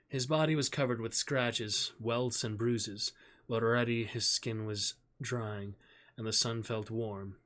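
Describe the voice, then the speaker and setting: A man streamer reading a novel aloud in a measured, steady storytelling voice. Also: medium pitch.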